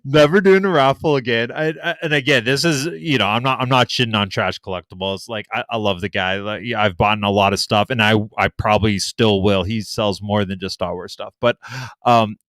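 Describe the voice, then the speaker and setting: A young adult co-host with a lowish voice talks a little fast, recorded with no room sound. He tells a story on the podcast in a casual, animated, profane way, raising his voice to act out others' words.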